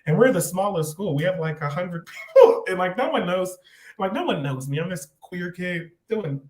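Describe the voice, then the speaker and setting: A man as a podcast guest, telling a personal story in a rambling, animated way with many restarts. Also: high-pitched, normal speed. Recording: roomy echo.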